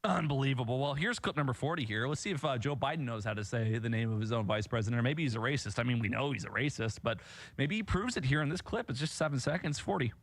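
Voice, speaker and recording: A man's voice: medium pitch, lively intonation, fast talker. A man hosting a political commentary show, talking in a sarcastic, mocking and indignant way between played clips.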